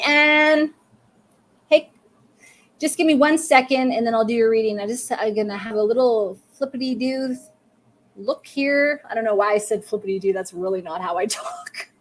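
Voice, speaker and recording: A woman's voice: mid-range voice, a little mellow, a little hiss or hum. A woman medium doing live readings, speaking in a soothing, affirming way in short phrases and often saying okay. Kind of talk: live-stream reading, chatting to viewers.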